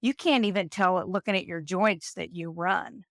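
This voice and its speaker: A woman in her fifties, a nurse, telling stories in an interview and acting out the people she quotes in an animated way. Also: lowish voice, normal speed, dry recording, clean studio sound. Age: 50s. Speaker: nurse and guest. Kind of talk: storytelling interview.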